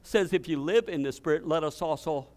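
A man with a high, ringing voice delivers a sermon with fervor. He swings from loud declarations down to quiet, close asides, and his tone stays smooth and resonant throughout. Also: a little fast. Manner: impassioned preaching that swings from loud to hushed. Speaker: pastor.

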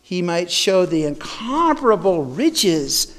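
A male pastor preaching a sermon in a church sanctuary, telling a story dramatically and building to loud calls. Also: sits high, big pitch swings, slow.

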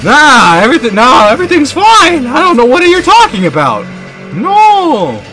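Lively high-voiced male game streamer. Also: soft background music. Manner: joking, animated, quick to laugh and yell at the game. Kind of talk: casual gaming stream commentary.

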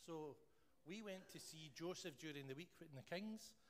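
A church leader with a Scottish accent speaks at a normal pace with a fairly high pitch, leading prayer and then a playful quiz for the congregation. Jokey and animated, he plays to the room. The recording picks up a long church-hall reverb and faint noise.

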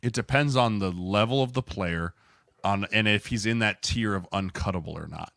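Lowish, bright male voice; laid-back co-host filling talk with "like", dry close mic. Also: normal speed, creaky, no room sound. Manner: conversational, fills speech with "like" and "right". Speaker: podcast co-host, former lineman. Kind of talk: casual podcast chat.

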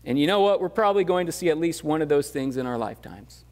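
A man with a slightly high voice delivers a sermon in a conversational, easygoing way, scattering fillers before rising to emphatic questions. His voice rings out with the long reverb of a church hall. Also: animated, fast, darkish tone. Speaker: pastor. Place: church sanctuary.

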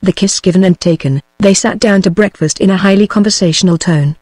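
A synthetic woman's voice with a British English accent, reading a novel aloud in an even, computer-made way. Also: medium pitch, fairly quick, breathy edge, no echo. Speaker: audiobook narrator. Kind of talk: scripted narration.

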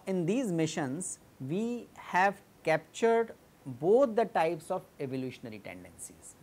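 Low-voiced woman giving a lecture. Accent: Indian English. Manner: measured, explanatory, with frequent fillers and restarts. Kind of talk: academic lecture.

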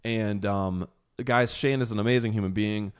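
Low-voiced man telling a lively story. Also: moderate pace, smooth. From United States. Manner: animated storyteller who acts out quotes. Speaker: podcast host. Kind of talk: casual interview chat.

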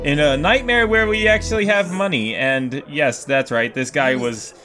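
A man giving excitable, swearing let's play commentary as a gaming YouTuber, laughing often. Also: a little high, normal speed. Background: game music.

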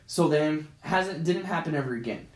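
A man's voice: fairly high pitch, expressive, moderate pace. A man co-hosting a casual podcast, retelling a story with lots of swearing and acted-out quotes. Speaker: podcast co-host. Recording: roomy echo.

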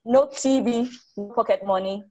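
Woman playing a shrill, scolding, exasperated storybook mother. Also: normal speed, mellow, lightly acted. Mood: stern.

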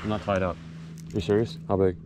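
A young man vlogging from a fishing boat outdoors, excited and slangy, laughing often as he talks. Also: lowish voice, fast, heavy background noise. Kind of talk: excited outdoor vlog chat. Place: boat on open water outdoors.

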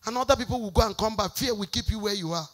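A woman pastor leading a church sermon, shouting prayer declarations for the congregation to repeat and then dropping to a quieter preaching voice. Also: medium pitch, rapid-fire. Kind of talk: sermon with call-and-response prayer.

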